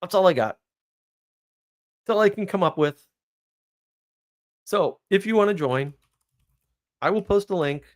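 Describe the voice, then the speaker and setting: A man's voice: high-pitched, expressive, measured pace, pauses often. A man hosting a live stream, telling stories in a casual, rambling way, laughing often and checking in with "right?" asides. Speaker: livestream host.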